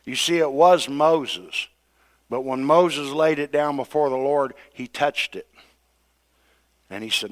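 A man's voice: takes it slowly, pauses often. A man preaching a sermon, retelling scripture with dramatic quoted voices. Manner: dramatic, acts out quoted voices with rising pitch and loudness.

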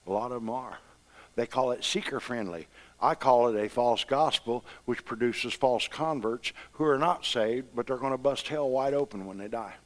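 A man's voice: medium pitch, normal speed. A middle-aged man preaching a sermon, telling homespun stories with rising fervor. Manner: folksy, impassioned storytelling preacher.

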